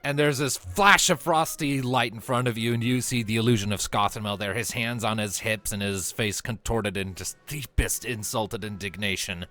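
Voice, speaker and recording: A man running a tabletop game as game master, narrating scenes in a relaxed, descriptive way with casual fillers. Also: on the low side, normal speed, hardly any pauses.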